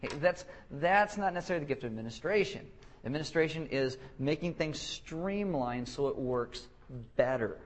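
A young man preaching a casual, joking sermon who restarts his sentences and keeps acting out quick voices to make his point. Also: a little high, lively intonation. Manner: joking, self-deprecating, acts out quick voices; halting restarts and repeated words. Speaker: pastor.

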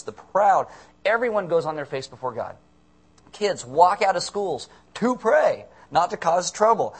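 A young man preaches with a sermon's rhythm, swinging from quiet asides to sarcastic, acted-out outbursts. His voice sits a little high for a man and moves all over the place as he talks. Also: slightly rough. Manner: animated, sarcastic, acts out quoted voices. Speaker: pastor.

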